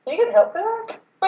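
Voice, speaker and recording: A young woman in casual chat with her ex, nervous and rambling, often trailing off. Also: mid-range voice. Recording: distant roomy muffled mic with faint hiss.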